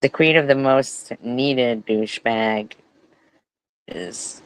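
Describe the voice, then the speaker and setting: A man talks over a clip with heavy sarcasm, mocking and swearing often. He speaks slowly and deliberately. His voice is recorded dry and close, with no room sound. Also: medium pitch, fairly bright tone, clear, resonant tone, dry recording, low-quality recording. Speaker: commentary host. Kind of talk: profane reaction commentary.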